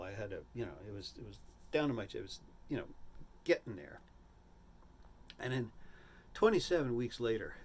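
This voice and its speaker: An older man spins a humorous personal anecdote with a husky voice. His pitch swoops up and down as he rambles, stacking asides and restarting sentences. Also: big pitch swings, moderate pace, long pauses. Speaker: storyteller.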